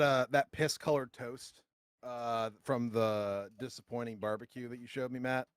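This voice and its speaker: A man's voice: mid-range voice, a little slow, clear, resonant tone, no room sound, clean studio sound. A man co-hosting a podcast, telling rambling stories with lots of swearing. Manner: swearing, rambling, animated storytelling. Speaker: podcast co-host. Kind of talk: casual comedic chat.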